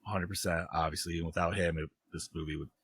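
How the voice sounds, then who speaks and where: A man's voice: low voice, steady tone, fast, a bit bright, slightly rough, no room sound. A man hosting a casual film review podcast. He swears freely, giggles often and keeps losing his place. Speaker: podcast host.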